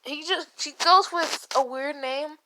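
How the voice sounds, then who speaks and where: A woman's voice: high-pitched, measured pace, sharp tone, a little hiss or hum. A woman casually retelling a made-up fan story, rambling and swearing, with many restarts. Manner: rambling and profane, full of restarts and "like".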